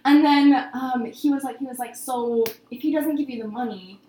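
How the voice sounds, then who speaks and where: A woman in her twenties telling a story in casual chat, animated, dropping her voice when she quotes people. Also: high voice, moderate pace, slight background noise. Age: 20s. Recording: echoey room.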